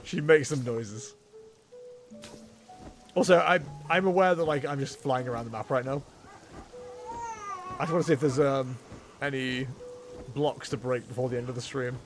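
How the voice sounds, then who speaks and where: A man's voice: mid-range voice, normal speed, pauses often, faint music behind. A man chatting casually and rambling with self-mocking humor while livestreaming a game. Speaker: streamer. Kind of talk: casual gameplay livestream chat.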